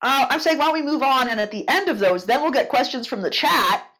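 Lively, playful American woman co-host. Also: sits high, a little fast. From United States. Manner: playful, swears, laughs often. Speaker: podcast co-host. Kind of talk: casual podcast chat.

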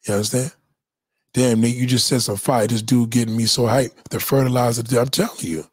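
Husky, emphatic man lecturing on stream. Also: medium pitch, fairly even intonation, brisk, darkish tone, dry recording, studio quality. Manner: emphatic, profane, preachy. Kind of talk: casual livestream monologue.

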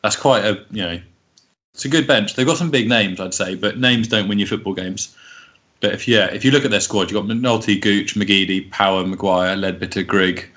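A man's voice: fairly low pitch, fairly bright tone. A man in casual football chat, rattling off player names and laughing often. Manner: chatty, laughs often, lists players quickly. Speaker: podcast co-host.

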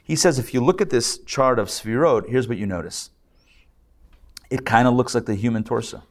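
Joking rabbi teaching a live class. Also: male voice, medium pitch, normal speed. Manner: joking, conversational, asks the audience questions. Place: lecture room with a live audience and online viewers.

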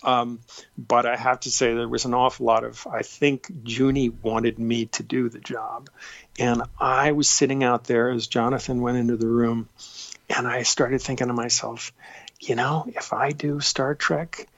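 A man, a guest actor, telling stories in an interview, warm and self-deprecating, halting with fillers. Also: medium pitch, level tone, creaky, no echo, dull audio. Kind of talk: interview, storytelling.

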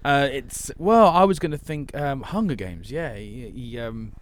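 A man's voice: mid-range voice, lively intonation, measured pace. A man co-hosting a podcast, chatting playfully with plenty of fillers and restarts. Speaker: podcast co-host. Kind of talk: casual chat.

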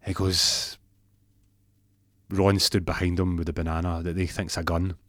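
A man's voice: deep voice, flat delivery, a little slow, fairly bright tone, dry recording. A man telling a comic story, jumping into raised voices for each character.

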